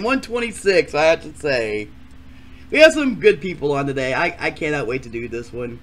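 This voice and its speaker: A man giving a casual, animated intro to a game video, with a few stammers. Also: fairly high pitch, moderate pace. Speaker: gaming video creator.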